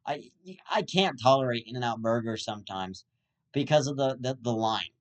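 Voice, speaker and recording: A young man hosts his own show and rants through a rambling comedic monologue. He stammers, restarts his sentences and swears often, in a voice of middle pitch. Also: moderate pace. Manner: stammering, profane ranting. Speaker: host.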